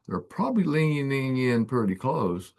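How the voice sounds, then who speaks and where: A man's voice: medium pitch, big pitch swings, a little slow, darkish tone. A man hosting a conversational interview, sounding affirming and thinking aloud with small restarts. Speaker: podcast host.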